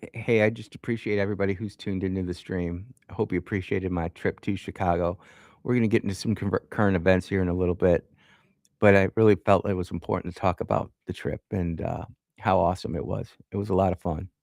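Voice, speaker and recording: A man's voice: low-pitched, steady tone, quick pace, darkish tone, no room sound, studio quality. A man hosting a radio show, telling a rambling personal story with restarts and chuckles. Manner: rambling, self-correcting, laughs at himself. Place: radio studio.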